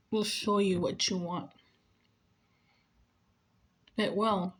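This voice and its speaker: A woman in her forties, a nurse, giving emotional, earnest advice in a heartfelt monologue and repeating her points for emphasis. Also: mid-range voice. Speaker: nurse sharing life advice.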